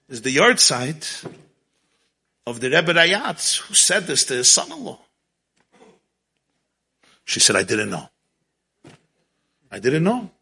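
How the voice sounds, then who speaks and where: A man with a husky, sharp-edged voice tells a story. His pitch sits a little high, and he talks in an animated way, chuckling as he goes and mixing in Yiddish and Hebrew words. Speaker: religious storyteller. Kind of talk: storytelling talk.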